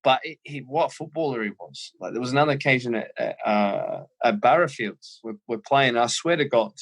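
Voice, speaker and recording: An Australian man in his thirties, a former footballer, telling lively anecdotes as a guest in an interview. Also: medium pitch, brisk, vocal fry. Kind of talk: casual storytelling interview.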